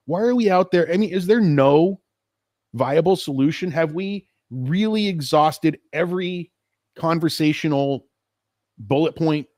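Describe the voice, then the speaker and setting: A man's voice: a little high, a little mellow, dry recording, studio quality. A middle-aged American man hosting a casual solo livestream, rambling and frustrated, swearing freely and restarting his sentences. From United States. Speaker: podcast host.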